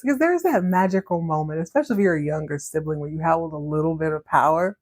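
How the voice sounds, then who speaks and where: A woman hosting a podcast, recapping a story in a chatty, animated way and laughing often. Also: low voice, brisk, few pauses. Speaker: podcast host.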